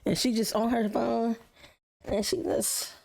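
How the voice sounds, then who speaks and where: A woman's voice: a little high, measured pace, creaky. A woman live-streaming a reaction video, chatting casually and telling stories, swearing freely. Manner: profane, animated storytelling with laughs.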